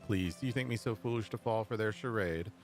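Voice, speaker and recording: A man's voice: on the low side, fairly quick, soft background music, pitched above the performer's own voice, close to an everyday voice. A man voicing a heartbroken, lovesick young noblewoman in a video game, who speaks in a melodramatic, lamenting way. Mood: wistful.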